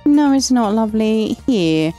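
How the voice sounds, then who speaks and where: English woman host, relaxed mellow voice, bouncy animated delivery, faint music underneath. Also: a little high, a little slow. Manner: chatty and affectionate, calls everyone "lovely". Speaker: gaming channel host. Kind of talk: casual gameplay commentary, reading dialogue aloud.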